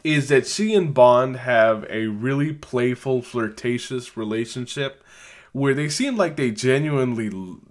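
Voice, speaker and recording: A man's voice: mid-range voice, unhurried. A man co-hosting a podcast, walking through a film's plot in casual chat and laughing easily. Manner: explains plot points at length, laughs easily. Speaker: podcast co-host. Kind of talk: casual film recap chat.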